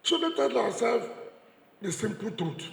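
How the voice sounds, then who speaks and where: A man's voice: high-pitched, sing-song, moderate pace, vocal fry, a bit bright. A man with a Nigerian English accent giving a combative political speech, mocking his opponents and repeating lines for emphasis. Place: large church hall. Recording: echoey church hall, long reverb.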